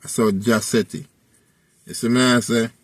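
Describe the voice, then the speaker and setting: A Jamaican-accented vlogger recounts something personal in a relaxed, rambling style, circling back to his favorite tag phrases again and again. His medium-pitched voice stays steady and measured, with no echo in the recording.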